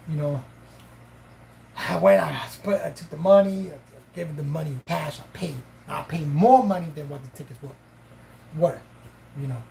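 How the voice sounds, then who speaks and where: Woman, low voice, casual storyteller, profane, acts out dialogue. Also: slight background noise, rough recording. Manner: profane, animated, acts out both sides of dialogue. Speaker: live-stream host.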